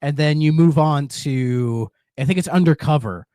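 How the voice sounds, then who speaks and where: A man's voice: fairly high pitch, moderate pace, dark tone, no echo, clean studio sound. A man co-hosting a podcast in casual chat, rambling with many restarts and fillers. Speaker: podcast co-host.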